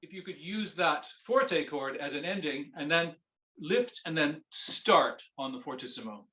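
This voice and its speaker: A man coaching a viola student in a masterclass, singing phrases on nonsense syllables and asking gentle questions. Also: fairly high pitch, expressive, measured pace, roomy sound, a little hiss or hum.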